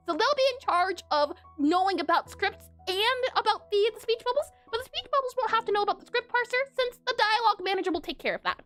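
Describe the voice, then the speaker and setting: High-pitched lively woman talking through her game code, bouncy and bright, faint music behind. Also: fast talker, hardly any pauses. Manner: chatty, giggly, often self-correcting and spelling words aloud. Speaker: indie game developer. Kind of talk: casual coding devlog narration.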